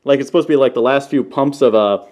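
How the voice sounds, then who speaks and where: A man casually reviewing toys on camera, playful, often breaking into goofy high-pitched exclamations. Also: fast talker, darkish tone. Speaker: toy reviewer. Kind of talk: casual hands-on product review. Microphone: camera he sets up himself.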